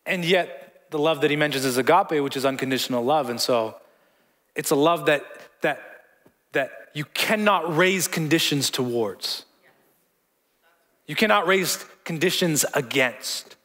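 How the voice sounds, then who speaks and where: A man's voice: fairly high pitch, measured pace, fairly bright tone. A man preaching a sermon as pastor in a church hall, conversational, repeating words and joking with the congregation.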